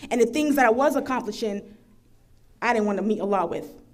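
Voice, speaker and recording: A woman's voice: on the high side, fairly quick. A woman in her thirties from the United States giving an earnest, emphatic personal testimony as a panel speaker. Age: 30s. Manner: earnest, emphatic, building to passionate intensity.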